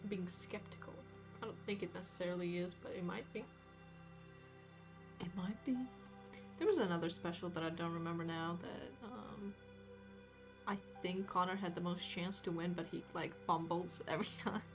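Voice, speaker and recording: Painting on stream with music in the background, this woman speaks in a lowish, steady voice at a moderate pace. She chats casually but rambles, hedging a lot and filling with many fillers and restarts.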